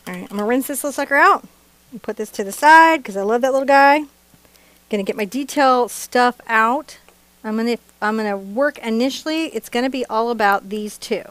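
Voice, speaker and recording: A woman's voice: fairly high pitch, fairly quick, fairly bright tone, no echo. A middle-aged woman teaching a live painting lesson, chatty and playful, joking and laughing between her steps. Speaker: art instructor. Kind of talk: live-streamed painting tutorial.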